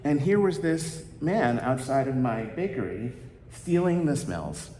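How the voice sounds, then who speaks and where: A man's voice: medium pitch, sing-song, a little slow, warm tone, reverberant, big-room sound, slight background noise, poor audio. A man voicing an indignant male baker who protests shrilly, retelling a story in a sermon. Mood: aggrieved. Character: indignant male baker guarding his smells.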